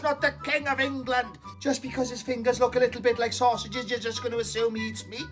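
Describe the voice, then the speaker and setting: A man's voice: very high voice, steady tone, brisk, hardly any pauses, soft background music. A man delivering a comic news rant, angry and full of swearing. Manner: angry, swearing, exaggerated ranting. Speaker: comedy creator.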